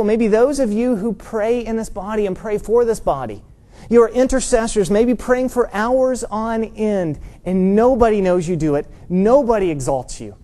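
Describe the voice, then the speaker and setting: Mellow-voiced man preaching a sermon. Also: a little high. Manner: earnest, emphatic preaching, rising to stress key points. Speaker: pastor. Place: church.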